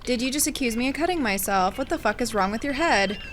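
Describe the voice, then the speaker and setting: A woman's voice: a little high, animated, quick pace, a little hiss or hum, natural voice. A woman voicing a small, feisty teenage girl from a visual novel who snaps insults. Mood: angry. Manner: snappy, insulting.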